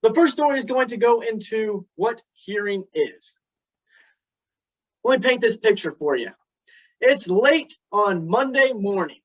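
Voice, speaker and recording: A man delivering a prepared club speech, telling stories with dramatic pauses. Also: sits high, lively intonation. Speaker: club speaker. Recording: dull lo-fi recording.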